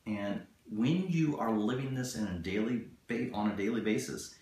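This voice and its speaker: A man giving relationship advice in a casual, earnest coaching tone, slowing down for key points. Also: fairly low pitch, a little mellow. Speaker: relationship video co-host. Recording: very echoey room.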